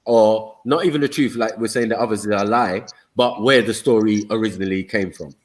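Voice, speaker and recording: A man's voice: fairly low pitch, brisk, poor audio. A man hosting a casual live-stream discussion, laid-back and repeatedly checking that listeners follow. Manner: laid-back, asks "do you get it?". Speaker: stream host. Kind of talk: casual group chat.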